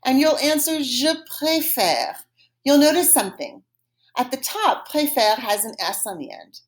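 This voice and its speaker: A woman teaching a French lesson, modeling phrases slowly and clearly for students to repeat, patient and encouraging. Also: sits high, expressive. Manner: slow, exaggerated modeling of phrases for repetition. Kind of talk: recorded language lesson.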